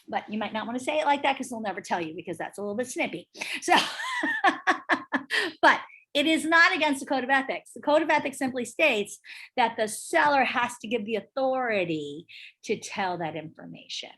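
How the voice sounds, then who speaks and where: Brisk, emphatic female instructor, slightly high voice, chatty with her class. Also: lively intonation, fairly bright tone, slightly rough. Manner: brisk, emphatic, chatty, asks the group questions. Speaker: real estate instructor. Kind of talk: casual teaching talk to a class.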